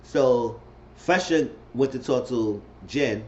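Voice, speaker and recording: A man's voice: medium pitch, slow, dull audio, a little hiss or hum. A man casually recapping a reality show episode, repeating himself and acting out what the cast said. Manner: chatty, repeats himself, acts out quotes in shifting voices.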